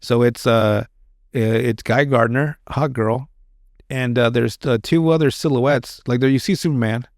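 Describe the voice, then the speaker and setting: A man's voice: medium pitch, steady tone, measured pace, no room sound, clean studio sound. A man hosting a podcast, recapping a show in casual chat, rambling and swearing with many restarts. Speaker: podcast host.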